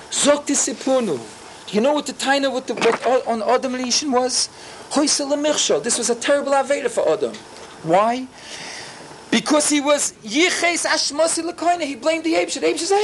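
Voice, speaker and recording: High-voiced rabbi giving a lively sermon. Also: male voice, fairly quick, slight background noise. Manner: animated, acts out biblical dialogue in character voices; peppers English with Yiddish and Hebrew terms. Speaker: rabbi teaching students.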